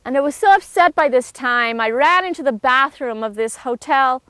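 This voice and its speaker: Woman, high voice, dry close sound, middle-aged, earnest heartfelt testimony, halting restarts. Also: expressive, a bit bright, clean tone, no room sound. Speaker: speaker giving a personal testimony. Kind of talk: emotional personal testimony.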